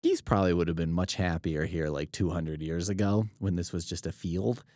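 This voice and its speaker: A man's voice: deep voice, normal speed, darkish tone, no echo, clean studio sound. A man co-hosting a casual book podcast, thinking aloud in rambling, self-deprecating tangents. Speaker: podcast co-host.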